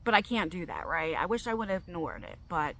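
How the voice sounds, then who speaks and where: Middle-aged woman with a bright voice, speaking openly and emotionally to her subscribers, stumbling over her words. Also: on the low side, very animated, a little fast, creaky, low-quality recording. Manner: open, emotional, rambling with restarts. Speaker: vlogger. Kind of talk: emotional personal vlog.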